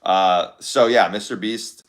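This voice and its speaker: A young male content creator chats casually with his viewers in a fairly low, slow voice. He thinks out loud in a rambling way, using lots of fillers.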